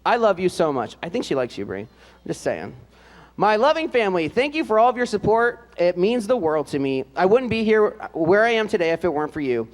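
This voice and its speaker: High lively man announcing in a hall. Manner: reads out notes with fillers and light joking asides. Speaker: event announcer. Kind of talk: live announcing of band seniors. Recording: long hall reverb.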